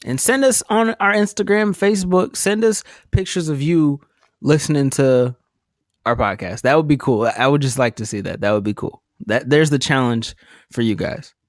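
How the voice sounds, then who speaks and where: A man's voice: medium pitch, normal speed, no echo, studio quality. A man co-hosting a podcast in casual chat, joking and teasing with crude humor. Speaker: podcast co-host.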